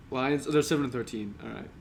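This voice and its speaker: A man's voice: medium pitch, creaky. A young man co-hosting a sports podcast, chatting casually, joking and roasting with slangy talk and frequent laughter. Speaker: podcast co-host.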